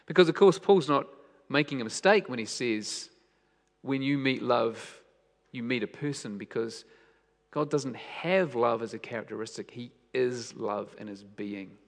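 A man's voice: medium pitch, measured pace, gravelly. Man preaching in a reverberant hall. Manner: storytelling, shifts between soft hushed lines and raised emphatic questions. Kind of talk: sermon.

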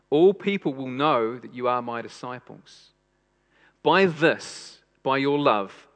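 A man's voice: medium pitch, fairly bright tone. A man preaching a sermon in an earnest way, repeating phrases for emphasis. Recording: long hall reverb.

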